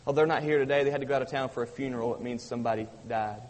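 A man's voice: medium pitch, steady tone, rapid-fire, darkish tone. A man preaching a sermon as pastor, emphatic and repetitive, rising and falling for emphasis. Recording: long reverb of a hall.

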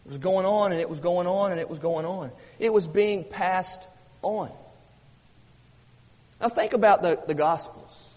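A man's voice: high-pitched, measured pace, pauses often, darkish tone. A man preaching a sermon as pastor, emphatic and repetitive, rising and falling for emphasis. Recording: long reverb of a hall.

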